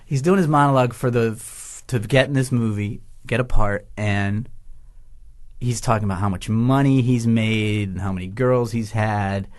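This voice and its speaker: A man's voice: fairly low pitch, moderate pace. A man from Massachusetts, a podcast guest, telling a story casually and acting out the voices of the people in it. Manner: animated, acts out quoted voices, laughs through the story.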